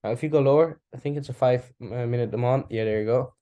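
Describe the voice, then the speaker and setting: A man casually talking through a chart recap, thinking aloud with relaxed asides. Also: mid-range voice, quick pace, dull audio. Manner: relaxed, talks to himself while charting, asides and apologies. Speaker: trading recap host. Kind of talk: casual screen-share commentary.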